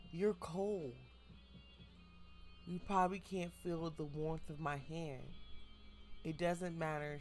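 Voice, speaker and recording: A woman reading the lines of a calm, sinister male villain from a manga. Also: deep voice. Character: male villain who wants to remake the world.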